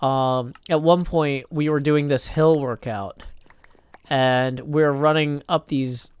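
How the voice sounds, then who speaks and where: A man's voice: fairly high pitch, fairly even intonation, slow pace, clean tone, no echo. A man from Tennessee chatting casually on a live stream as he plays, telling rambling stories full of restarts and fillers. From Tennessee, United States. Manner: rambling storyteller, many "like"s and restarts. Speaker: live streamer playing a block-building game.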